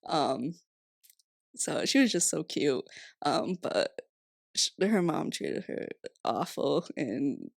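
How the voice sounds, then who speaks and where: A woman's voice: deep voice, very animated, slow pace, vocal fry, pauses often, no echo, studio quality. A young woman in her twenties from Rhode Island, chatting casually as a podcast guest, laughing often and saying "like" a lot. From Rhode Island, USA. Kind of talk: casual interview chat.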